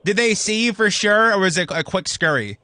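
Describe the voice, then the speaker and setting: A man hosting a morning radio call-in show, reacting loudly and moving fast between callers. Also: high-pitched, animated, dry recording. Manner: upbeat, reacts loudly, quick caller hand-offs.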